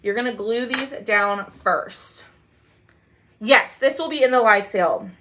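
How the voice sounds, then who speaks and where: A woman speaks in a medium-pitched, slightly bright voice over a faint hiss or hum. She chats casually with livestream viewers while demonstrating a craft during a live sale, sprinkling in many "um"s and elongated "y'all"s.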